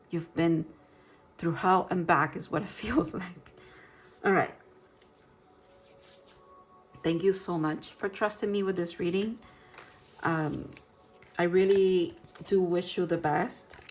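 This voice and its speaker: A woman giving a gentle, reassuring tarot reading, talking in loose, rambling sentences with restarts. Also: fairly low pitch. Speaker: tarot reader. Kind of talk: pick-a-card tarot reading.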